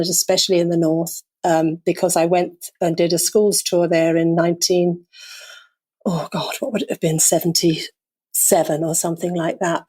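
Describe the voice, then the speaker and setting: An older woman from London, a guest actor and playwright telling stories in a relaxed interview, wry and self-mocking, often laughing. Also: fairly low pitch. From London, England. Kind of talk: casual interview storytelling.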